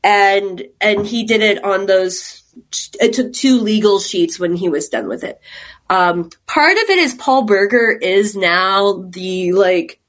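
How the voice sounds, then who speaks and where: A woman's voice: medium pitch, takes it slowly, a bit bright. A woman from Texas, a caver, telling stories in a rambling, chatty way during a casual interview, laughing often. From Texas, USA. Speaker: guest caver.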